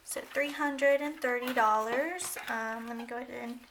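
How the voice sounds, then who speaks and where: A woman's voice: a little high, normal speed, fairly bright tone, slight background noise. A woman vlogger chatting casually and a bit scatter-brained while she counts cash into budget envelopes.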